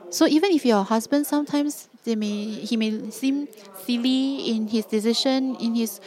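A woman's voice: on the high side, normal speed, a little mellow. Earnest woman preaching with emphatic repetition. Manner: earnest, emphatic, repeats phrases for stress. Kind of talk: sermon.

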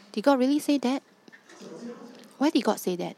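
A woman's voice: high-pitched, lively intonation, moderate pace, vocal fry, long pauses, warm tone. A woman preaching a sermon, emphatic and driving points home with repeated rhetorical questions.

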